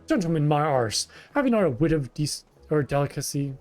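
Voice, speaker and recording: A man voicing a gruff, coarse brawler in a video game, reading the part aloud. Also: fairly high pitch, sing-song, fairly quick, darkish tone, faint music behind. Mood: indignant.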